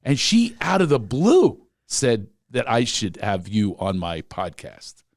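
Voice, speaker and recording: Animated man host, dry close sound. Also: medium pitch, takes it slowly, dry recording. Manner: playful, teasing, animated. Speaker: podcast host. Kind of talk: casual podcast chat.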